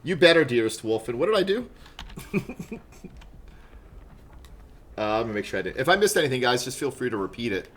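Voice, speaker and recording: A man's voice: mid-range voice, very animated, brisk, pauses often, a bit bright, a little hiss or hum. A man streaming a video game live, chatting casually with viewers from a room at home and yelping and laughing at sudden moments in play. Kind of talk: casual gameplay chat.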